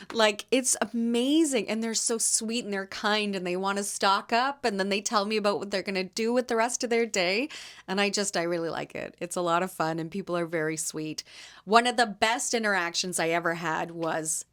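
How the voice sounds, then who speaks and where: A woman in her thirties from Canada, hosting a casual solo podcast and telling lively stories about her market stall. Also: medium pitch, normal speed. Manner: chatty, animated storyteller acting out quotes. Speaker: podcast host and market vendor.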